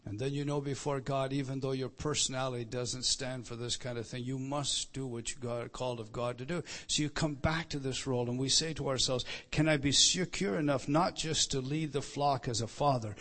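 A middle-aged man preaches as pastor, fairly quick and with hardly any pauses, his intonation fairly even. He stays emphatic, turning loud to stress scripture and dropping low and quiet.

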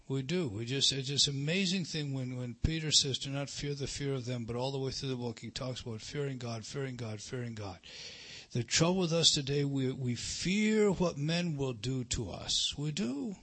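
A middle-aged man preaching a sermon, emphatic, rising to loud stresses and dropping to hushed lines. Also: mid-range voice, normal speed. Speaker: pastor.

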